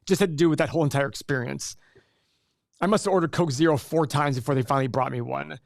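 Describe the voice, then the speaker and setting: A man in his forties talks in a rambling, easygoing way as a livestream host, answering viewer comments. His voice sits a little high for a man. The sound is dry and close. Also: quick pace, vocal fry, no room sound. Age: 40s. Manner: chatty, rambling, reads chat aloud. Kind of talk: casual livestream chat.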